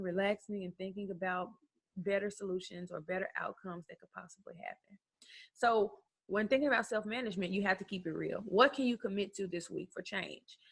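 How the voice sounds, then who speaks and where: A woman's voice: mid-range voice, fairly bright tone, husky. A woman life coach talking to the camera in a conversational way, asking rhetorical questions and acting out bits of self-talk.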